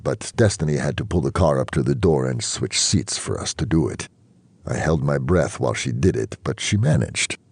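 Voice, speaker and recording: Very deep gravelly male storyteller. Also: a little mellow, no room sound. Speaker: audiobook reader. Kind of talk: first-person novel narration.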